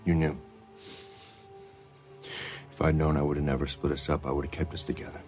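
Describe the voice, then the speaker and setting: A man's voice: rumbling low, flat delivery, a little fast, a little mellow, faint music behind. An actor playing a grieving, furious male hunter who speaks in cold, clipped demands, from a drama series. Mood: cold fury. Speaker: hunter confronting his employer.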